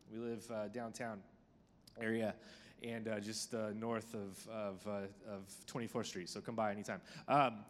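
A man in his thirties preaching to a group, telling a personal story in a chatty, self-deprecating way with many fillers. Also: medium pitch. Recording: long hall reverb.

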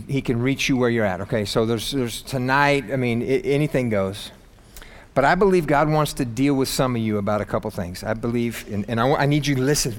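A man preaching a casual, emphatic sermon in a church, with sudden loud peaks. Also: fairly high pitch. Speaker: pastor. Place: church sanctuary. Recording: long hall reverb.

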